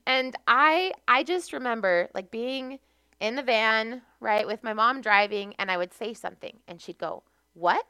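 Guesting on a podcast, a young woman from the United States shares chatty anecdotes from her own life, laughing frequently. She speaks at a normal speed in a slightly high, pushed, bright voice with a clean tone and no room sound.

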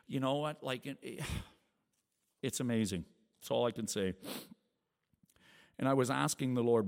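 A lay preacher in his forties shares his testimony in a rambling, earnest sermon to a small church congregation, restarting often and acting out quotes that rise high. His unhurried voice has vocal fry and a darkish tone, pauses often, and carries a big-room sound.

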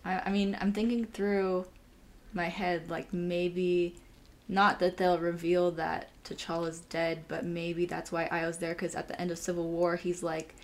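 A young woman with a fairly low voice, co-hosting a casual fan podcast. She speaks in a relaxed way, thinks out loud, and laughs easily. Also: a little slow. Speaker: podcast co-host.

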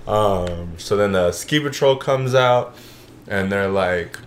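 A young man in his twenties with a lowish voice chats animatedly with a co-host and drops in a casual "bro." His story builds with rising energy. A faint room hiss sits behind him. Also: takes it slowly. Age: 20s. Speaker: podcast co-host. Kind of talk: casual chat.

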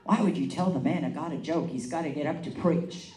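A woman evangelist telling a story in a sermon, animated and laughing as she acts out the quotes. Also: sits low, fairly quick, a little hiss or hum. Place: meeting hall. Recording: echoey room, mic at a distance.

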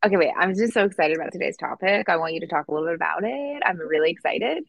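A woman co-hosting a casual podcast over a video call, animated and giggly, quick to agree. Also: on the low side, gravelly, dry recording. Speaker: podcast co-host. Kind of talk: casual chat. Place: home in Los Angeles.

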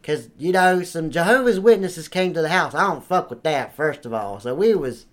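A man's voice: on the high side, lively intonation, normal speed, lightly acted. An actor playing a crude, boastful trailer park man who rambles and swears constantly in an improvised comedy sketch. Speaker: comedy character.

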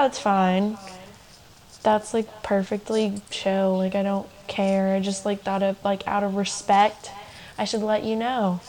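A young woman co-hosting a podcast tells a personal story in a loose, chatty way, full of "like" and laughing asides. Her voice is medium-pitched and a little mellow, and the recording is rough.

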